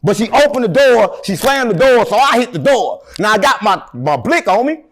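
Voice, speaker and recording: A man tells long, rambling stories in a casual interview. He is animated and jokes with a straight face. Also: high-pitched, moderate pace. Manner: animated, rambling, deadpan joking. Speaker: interview guest.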